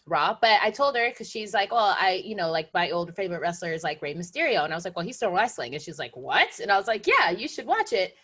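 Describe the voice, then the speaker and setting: A woman co-hosting a casual podcast, ranting in a profane, fast-talking way. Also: mid-range voice, sing-song, fairly bright tone, husky. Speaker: podcast co-host. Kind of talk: casual chat.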